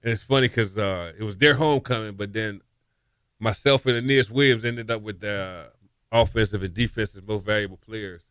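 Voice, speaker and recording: A man's voice: on the low side, steady tone, moderate pace, fairly bright tone, clear, resonant tone, no echo, clean studio sound. A man in his fifties, a former college quarterback, telling game stories in a casual interview and laughing as he goes.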